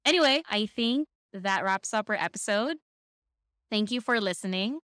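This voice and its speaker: Woman, American, co-host of a casual podcast, mid-pitched, explanatory, laughs easily, dry close mic. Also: expressive, normal speed, a bit bright, no room sound. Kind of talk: casual chat.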